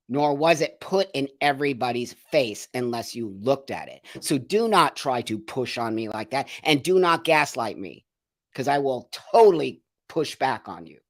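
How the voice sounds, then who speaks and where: Indignant man ranting on a livestream. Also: mid-range voice. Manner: emphatic, repeats phrases for effect. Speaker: host of a live show. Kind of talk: livestream commentary, reading viewer comments.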